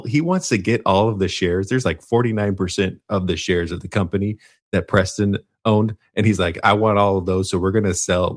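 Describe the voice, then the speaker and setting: A man casually recapping a movie plot on a podcast, rambling and correcting himself, with frequent laughs. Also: on the low side. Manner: rambling, self-interrupting, laughs often. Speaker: podcast co-host.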